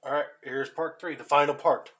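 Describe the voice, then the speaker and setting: A man with a slightly raised voice comments over a clip he is watching. He speaks in brief exclamations and quick asides, casual and conversational. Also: on the high side, fairly even intonation, a bit bright, slight background noise. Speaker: reaction video host.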